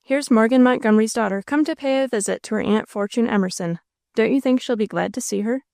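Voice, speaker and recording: A woman's voice: fairly high pitch, fast, gravelly, darkish tone, no echo. Blunt, curious rural innkeeper with folksy dialect, voiced by a woman narrator; dry close sound. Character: big red-faced country innkeeper, blunt and curious.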